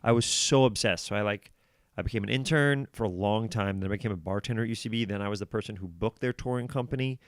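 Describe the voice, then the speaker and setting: A man in his forties, a comedian guest on a podcast, telling animated stories and acting out what people said. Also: on the low side, fast, no echo, clean studio sound. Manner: animated storytelling, acts out quotes. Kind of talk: casual podcast conversation.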